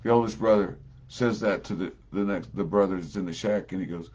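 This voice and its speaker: A male preacher tells his sermon as folksy stories, with lots of fillers. His voice is low and husky. The recording sounds dull and lo-fi. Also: a little fast, a little mellow.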